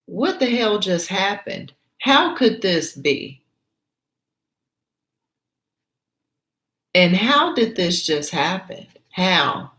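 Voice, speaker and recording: A woman's voice: lowish voice, a bit bright, reverberant, heavily acted. A woman voicing a distraught, heartbroken young pregnant woman who keeps asking anguished questions.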